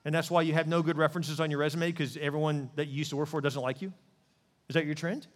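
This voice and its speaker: Guy pastor preaching, kinda high voice, big echoey hall, keeps asking the crowd stuff. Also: quick pace. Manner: animated preaching, asks the crowd questions. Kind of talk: sermon.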